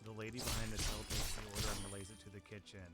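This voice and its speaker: A young man reading online stories aloud, adding sarcastic, animated asides between them. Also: fairly low pitch, racing, loud music behind the voice. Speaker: Reddit story narrator. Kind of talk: reading online posts with commentary.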